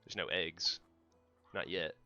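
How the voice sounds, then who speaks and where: A man's voice: deep voice, fairly even intonation, slow pace, pushed and bright, dull audio, soft background music. An American man livestreaming a game, chatting casually and teasing his co-host in joking banter. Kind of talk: casual chat while gaming.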